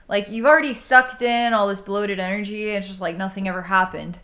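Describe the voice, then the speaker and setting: A woman's voice: medium pitch, fairly even intonation, fast talker, hardly any pauses, fairly bright tone. Chatty woman giving an energy reading. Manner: casual and chatty, heavy use of "like", frequent laughs and sighs. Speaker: psychic healer. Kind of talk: energy healing session talk.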